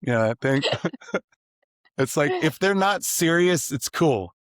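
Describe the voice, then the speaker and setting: A middle-aged man, a math teacher and podcast guest, talking casually and animatedly, slipping into high put-on student voices as he tells stories. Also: expressive, takes it slowly, no room sound, studio quality. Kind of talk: casual interview conversation.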